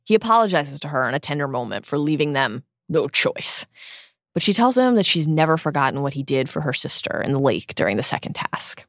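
A woman with a low voice reads her podcast's scripted book recap, earnest and emotive. The sound is dry and close. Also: very animated, brisk, no room sound. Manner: earnest, emotive reading with bursts of laughter. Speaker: podcast co-host.

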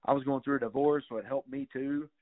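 A man's voice: mid-range voice, fairly even intonation, fast. A middle-aged man telling stories casually as a guest, rambling with many fillers and some swearing. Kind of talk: casual storytelling. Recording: tinny phone-like sound.

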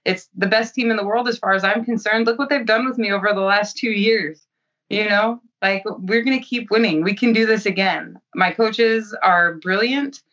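Woman fighter, cocky and profane, bright voice, distant lo-fi audio. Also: mid-range voice, moderate pace. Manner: blunt, profane, self-assured. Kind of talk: interview answers.

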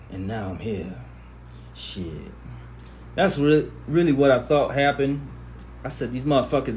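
A man hosting a casual livestream, reading viewer comments aloud and answering them in animated, profane, slangy banter into a phone. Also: mid-range voice, slight background noise.

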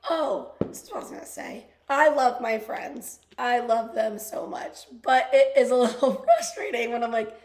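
Hoarse woman podcast co-host. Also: a little high, animated, moderate pace, hardly any pauses, reverberant. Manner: rambling, giggly. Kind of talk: casual chat.

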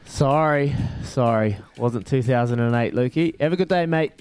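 A man's voice: mid-range voice, normal speed, darkish tone, clear, resonant tone, no room sound, soft background music. A man hosting a radio phone-in quiz, bantering matily with callers. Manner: upbeat, matey banter with callers. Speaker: radio breakfast host.

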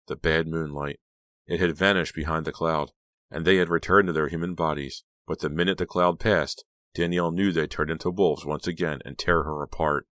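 A man narrating a horror audiobook in a steady, measured reading. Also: rumbling low, dry recording. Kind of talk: scripted narration.

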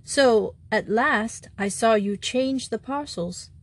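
A woman voicing a meek, apologetic little male country priest who speaks simply and gently. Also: on the high side, takes it slowly.

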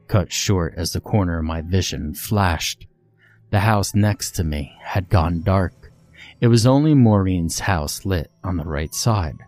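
A man reading a first-person horror story in a measured, tense way. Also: low voice, lively intonation, darkish tone. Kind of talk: scripted first-person narration. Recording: faint music underneath.

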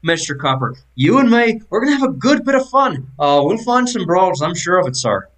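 A man's voice: on the high side, very animated, normal speed, fairly bright tone, pitched above the performer's own voice. A man doing a chatty, folksy tavern keeper. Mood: friendly. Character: friendly talkative male tavern keeper.

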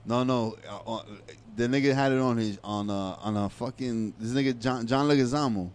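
A man's voice: mid-range voice, a little fast, a little mellow. A man co-hosting a casual podcast, talking animatedly in profane street slang. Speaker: podcast co-host.

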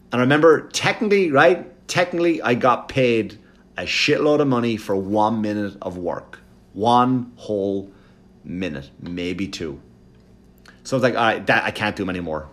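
A man hosting his podcast as a comedian, telling a profane, animated story. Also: lowish voice. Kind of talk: casual storytelling monologue.

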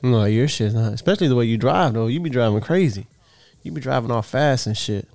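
A man's voice: mid-range voice, lively intonation, brisk, gravelly, darkish tone, dry recording. A middle-aged man, telling a rambling, profane story in casual podcast chat. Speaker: podcast co-host.

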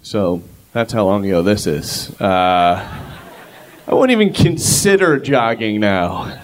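A man's voice: on the low side, lively intonation, takes it slowly. A middle-aged man telling a self-mocking personal story on stage before a live audience. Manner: rambling, self-mocking, conversational.

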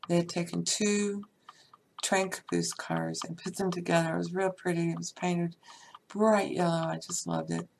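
A woman tells a long personal story in a loose, chatty way, dropping "you know" everywhere. Her voice sits fairly low and has a heavy gravelly fry, with faint noise behind her. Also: expressive, normal speed.

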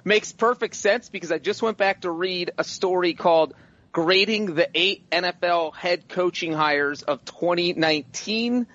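Hoarse, high-pitched male panelist with dry sarcasm, muffled sound. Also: measured pace, a bit bright. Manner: wry, sarcastic. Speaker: podcast panelist. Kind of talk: casual sports podcast chat. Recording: lo-fi remote audio.

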